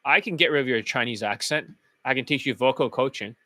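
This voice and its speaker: A man's voice: mid-range voice, brisk, pushed and bright, dry recording. A man who coaches dating, talking in a blunt, profane, casual monologue.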